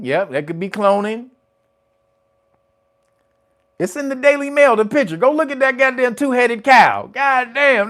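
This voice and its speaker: A man hosting casual news commentary, animated and profane, breaking into laughter and loud exclamations. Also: sits high. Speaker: host of a commentary channel.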